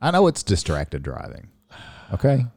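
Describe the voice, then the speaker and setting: A man co-hosts a chatty news podcast and teases his partner with quick comebacks. His pitch swoops all over the place. The recording is close and dry. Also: wildly swooping pitch, gravelly, a little mellow, no echo. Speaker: podcast co-host. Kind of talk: bantering news chat.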